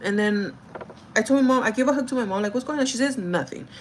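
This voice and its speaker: A woman's voice: on the high side, fast talker, slight background noise, poor audio. A young woman vlogger telling a family story in casual chat, rambling with many fillers and often calling her viewers "guys".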